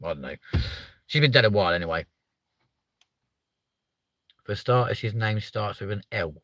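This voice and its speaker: A young man hosting a livestream, chatting in a rambling, sweary way that jumps up in pitch when he gets riled. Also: lively intonation, moderate pace, fairly bright tone, no echo. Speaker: livestream host. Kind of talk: casual livestream chat.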